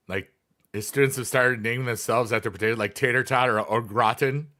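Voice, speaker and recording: Brief: bright-toned male streamer, chatty, wandering, full of ums. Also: mid-range voice, steady tone, fairly quick. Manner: rambling, many fillers, reads chat aloud. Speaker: livestreamer, former teacher. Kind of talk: casual livestream chat.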